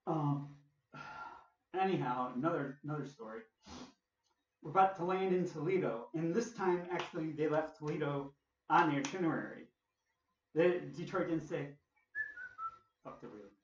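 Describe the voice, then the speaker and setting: A man tells stories for his vlog in a loose, profane way, laughing often and acting out what others said. His pitch swings widely. The sound is distant, roomy and a little dull. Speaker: vlogger. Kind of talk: casual storytelling.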